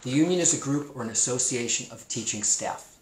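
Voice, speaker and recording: A man with a Pacific Northwest American accent teaching a kindergarten-level lesson, slowly repeating new words so young children will remember them. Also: mid-range voice, roomy sound, a little hiss or hum, poor audio.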